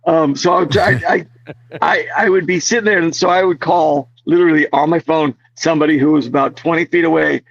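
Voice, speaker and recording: A man's voice: a little high, steady tone, fairly quick, vocal fry. A man being interviewed as a guest, telling restless, rambling stories in casual chat with lots of fillers. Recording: dull, lo-fi, dry sound.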